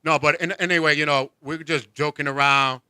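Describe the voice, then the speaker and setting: A man hosting a casual comedy talk show, joking and animated, laughing often. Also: on the high side, brisk, clean tone, no echo. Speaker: host.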